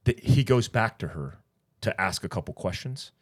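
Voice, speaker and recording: A man's voice: on the low side, moderate pace. A middle-aged man co-hosting a podcast, telling a story casually and acting out the other people's lines. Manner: rambling, animated retelling with quoted dialogue. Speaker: podcast co-host.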